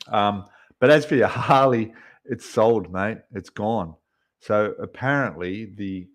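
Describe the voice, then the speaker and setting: Chatty man on a livestream. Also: fairly low pitch. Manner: rambling, answering viewers' chat messages. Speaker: livestream host. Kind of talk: casual livestream chat.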